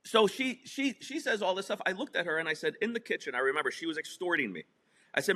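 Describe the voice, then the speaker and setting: A man's voice: high-pitched, expressive, quick pace, bright, forceful tone. A middle-aged man from New Jersey telling a story in a casual interview, emphatic and profane. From New Jersey / New York. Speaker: podcast guest.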